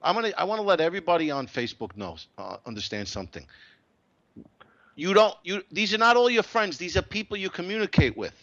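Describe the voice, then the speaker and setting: A man's voice: high-pitched, big pitch swings, fast talker, a bit bright, dull audio. A man on a casual podcast who rants animatedly and swears a lot.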